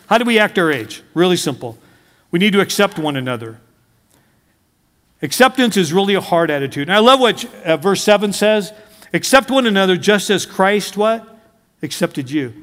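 A man's voice: high-pitched, fairly bright tone, in a large hall. A middle-aged male pastor preaching a conversational sermon, asking his congregation questions and mixing in humor.

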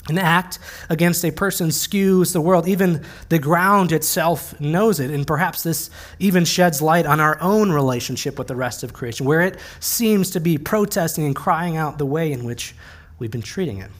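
A man's voice: fairly high pitch, normal speed. A male pastor giving a sermon in a conversational, plain-spoken way with touches of light humor.

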